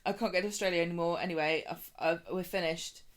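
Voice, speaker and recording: A woman's voice: on the low side, fairly even intonation, quick pace. A woman co-hosting a podcast, chatting casually and joking as she recaps a soap opera, acting out the characters' lines in a raised voice. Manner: chatty, jokey, acts out quotes in a raised voice. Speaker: podcast co-host.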